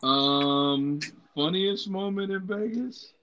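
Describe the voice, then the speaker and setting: A man's voice: high-pitched, slow, a bit bright, a little hiss or hum. A laid-back man chats on a podcast and curses freely. His voice comes through slightly muffled, with a lo-fi recording. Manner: laid-back, swears a lot. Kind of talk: casual chat.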